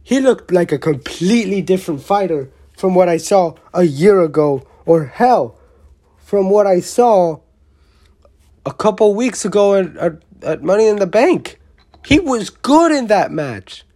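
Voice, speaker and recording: Unhurried, soft-toned wrestling vlogger; blunt, rambling, excitable opinions. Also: medium pitch. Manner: rambling, excitable, with many restarts; blunt, with mild swearing. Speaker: wrestling show reviewer. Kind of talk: casual opinionated review.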